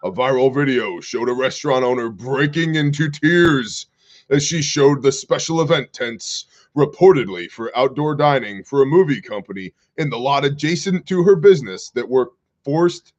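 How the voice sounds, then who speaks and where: A man's voice: mid-range voice, animated, moderate pace, muffled recording. A man from Kansas hosting a casual livestream commentary show, mixing sarcastic asides with reading viewer comments. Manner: wry, sarcastic asides, reads chat comments aloud.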